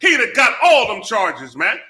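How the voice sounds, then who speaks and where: A man on a talk show telling a personal story with animated energy, acting out the voices of the people he quotes. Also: high voice, unhurried. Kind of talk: casual storytelling.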